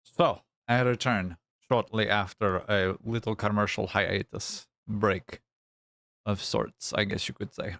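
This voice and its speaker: A man's voice: lowish voice, fairly even intonation, unhurried, vocal fry, very noisy. A man streaming a game live, casually teasing and bantering with his chat as he reads it out.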